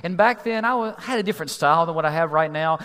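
A man's voice: a little high, fast, fairly bright tone, clean tone. A male pastor preaching a sermon in a conversational, storytelling way with humor, heard in an echoey hall.

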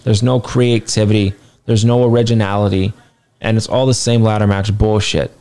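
A man's voice: lowish voice, level tone, normal speed, warm tone, smooth. A man casually reviewing a wrestling show, blunt and rambling, swearing now and then, sounding tired. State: tired, yawning.

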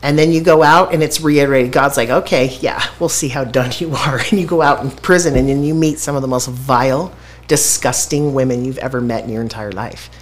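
A woman's voice: extremely low pitch, fairly quick. A middle-aged woman telling her story in a blunt, profane way and laughing often. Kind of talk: candid conversational storytelling.

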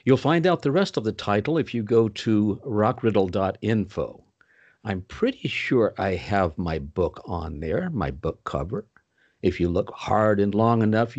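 An older man telling stories as an interview guest, animated, with sudden pitch swoops. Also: lo-fi sound. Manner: puts on Southern voices for quoted people. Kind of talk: storytelling in a podcast interview.

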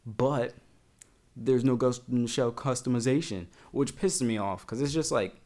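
A young man in a casual gaming vlog, rambling and excitable. He leans on slang and repeated fillers and swears offhandedly, with a pitch in the middle of the male range. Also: moderate pace.

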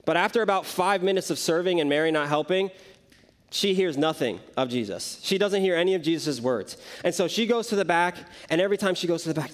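A man's voice: a little high, lively intonation, fairly quick. A young man preaching a casual sermon, telling the story conversationally with frequent asides to the listeners. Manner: conversational, many "like" and "right?" asides. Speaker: youth preacher.

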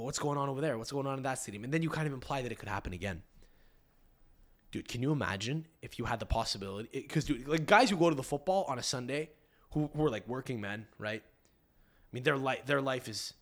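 A man's voice: medium pitch, a bit bright. Young male podcast host, profane and rambling, casual comic riffs, mid-range voice. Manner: crude, profane, rambling with many restarts. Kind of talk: casual comedic riffing.

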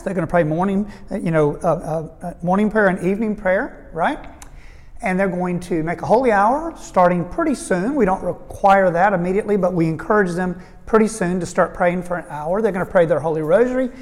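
A male priest preaching at a retreat, his words ringing with long reverb through a large hall. He tells stories in a lively way, acts out the people he quotes, and leans hard on the lines he wants to stick. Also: sits high. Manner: storytelling, voicing quoted people; earnest, fervent emphasis. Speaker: priest giving a retreat talk. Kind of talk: retreat talk to an audience.

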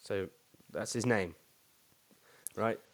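A man's voice: on the low side, slow pace. A man telling a rambling story in casual chat, swearing freely. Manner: rambling, swearing, many fillers and restarts. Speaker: storyteller host.

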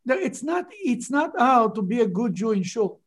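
A man's voice: very high voice, normal speed. Emphatic man teaching a Bible class. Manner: animated, emphatic, rhetorical questions. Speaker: rabbi teaching a Torah class.

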